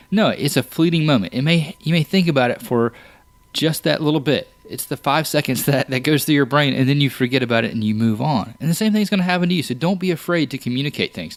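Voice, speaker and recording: A man's voice: medium pitch, dry recording. Plain-spoken man explaining things casually. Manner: conversational, explains with examples, frequent restarts. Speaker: podcast host. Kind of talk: casual solo podcast talk.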